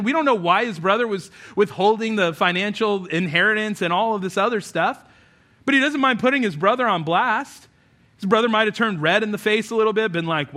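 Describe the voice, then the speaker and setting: A man's voice: high voice, pushed and bright. A man preaching a conversational sermon as pastor, animating the story with acted quotes.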